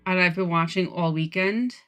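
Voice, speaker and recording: A woman's voice: on the low side, moderate pace, fairly bright tone, smooth. A woman co-hosting a podcast in casual chat, telling stories in a gushing, giggly way. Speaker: podcast co-host.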